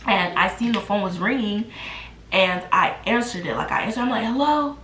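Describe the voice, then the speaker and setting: A woman in her twenties telling a casual storytime, animated and acting out what people said. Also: medium pitch, moderate pace. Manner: animated, acts out the quotes. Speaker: vlogger. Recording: roomy echo.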